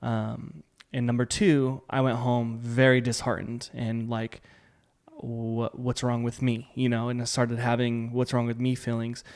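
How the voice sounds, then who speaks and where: A man's voice: mid-range voice, flat delivery, normal speed, creaky, few pauses, a little mellow. A man co-hosting a podcast, speaking candidly and plainly in a casual chat. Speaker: podcast co-host, husband.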